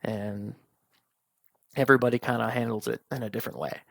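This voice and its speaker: A man's voice: medium pitch, steady tone, brisk, vocal fry, no room sound. A young man hosting a podcast, talking candidly and informally about his own life, quoting friends and family and swearing at times. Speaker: podcast host. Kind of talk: personal monologue.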